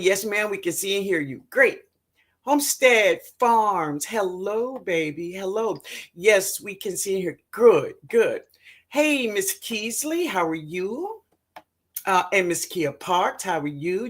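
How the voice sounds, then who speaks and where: Slow, lively New woman host. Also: medium pitch. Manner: affectionate, calls viewers baby and sweetheart; excitable and laughing. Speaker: livestream host, gardener. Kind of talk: casual livestream chat, reading comments aloud.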